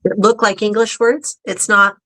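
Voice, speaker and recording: A woman's voice: mid-range voice, flat delivery, moderate pace, fairly bright tone. A woman guest in casual conversation, chatty and acting out the people she quotes. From United States. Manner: chatty storyteller who acts out quoted people. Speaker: podcast guest.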